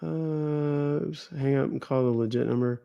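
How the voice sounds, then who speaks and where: Gravelly man chatting on a livestream. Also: medium pitch, a little slow, dry recording, lo-fi sound. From Texas. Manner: rambling, chatty, answering viewer comments. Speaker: livestream host. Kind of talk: casual livestream chat.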